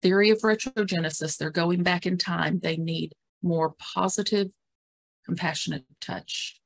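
A woman educator gives a calm, instructive webinar presentation on caregiving, walking listeners steadily through examples. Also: lowish voice, measured pace, vocal fry, dry recording. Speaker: dementia care educator.

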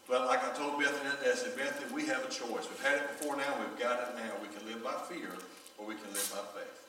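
Grieving pastor in echoey church. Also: male voice, steady tone, fast talker, slight background noise. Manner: emotional storytelling, voice dropping low and soft. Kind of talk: sermon. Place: large church sanctuary. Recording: echoey church hall recorded from far off.

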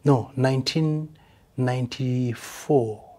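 Older kenyan guy, husky and mellow, blunt and emphatic, mixes in swahili bits. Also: mid-range voice, slow. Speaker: veteran musician guest. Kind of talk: casual interview talk.

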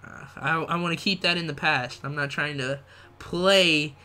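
A man's voice: on the high side, steady tone, brisk, sharp tone. A young man live-streaming a video game, chatting casually with viewers, reading their messages aloud, using slang and laughing often. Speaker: gaming livestreamer.

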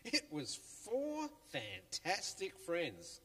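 Animated man telling a church story. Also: high voice, very slow. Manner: animated, playful, chatty. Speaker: children's storyteller in a church service. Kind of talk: children's Bible story telling. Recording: long church reverb, faint music.

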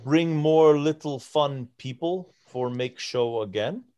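A man voicing a huge male cloud giant who speaks slow, broken common. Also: fairly high pitch, dark tone, clear, resonant tone, lo-fi sound, voice pushed up. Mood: jovial. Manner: slow halting broken speech.

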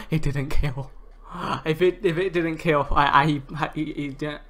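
A young man commentating his own gameplay, exasperated, swearing, and breaking into shouts and laughs at his losses. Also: a little high, steady tone, measured pace.

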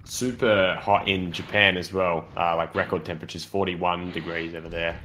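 Low-voiced chatty male race commentator. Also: steady tone, normal speed, sharp tone, a little hiss or hum. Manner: rambling, chatty, many fillers and restarts. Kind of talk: casual commentary chat.

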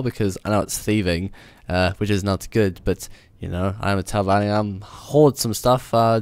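A man's voice: fairly low pitch, a little mellow, no echo. A man hosting a casual let's-play video, chatting and joking to himself as he plays. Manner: chatty, playful, talks to himself while playing. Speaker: gaming video host. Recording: faint game music behind.

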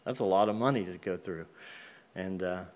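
Middle-aged guy giving a homey church testimony, lowish voice, lots of ums. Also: moderate pace, darkish tone. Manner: folksy, plain-spoken storytelling with many ums. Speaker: guest speaker. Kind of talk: personal testimony sermon. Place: church sanctuary.

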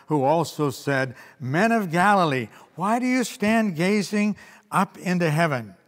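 Emphatic preacher in a reverberant hall. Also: male voice, fairly high pitch. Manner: emphatic preaching with slowed, stressed scripture readings. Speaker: pastor. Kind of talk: sermon.

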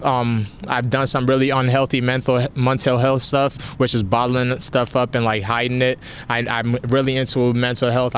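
A man's voice: medium pitch, a bit bright, a little hiss or hum. A young man, a fighter, speaking candidly and with emotion in a post-fight interview, sometimes getting choked up. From family from Nigeria. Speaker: fighter interviewed after a win.

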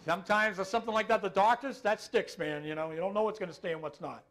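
A man's voice: high voice, fairly even intonation, quick pace, fairly bright tone. Chatty middle-aged man giving a talk. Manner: conversational, keeps checking in with the audience, tacks on filler phrases. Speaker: dementia care trainer. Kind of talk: talk to an audience.

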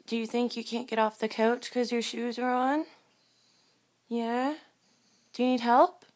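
A woman in her living room coaxes her dogs with a slow, repetitive sing-song pet voice. Her tone sits a little high, and she drags her words out patiently as she keeps asking the same questions. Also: little pitch movement. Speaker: dog owner filming her pets. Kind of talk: home video talk to pets. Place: home living room with a couch.

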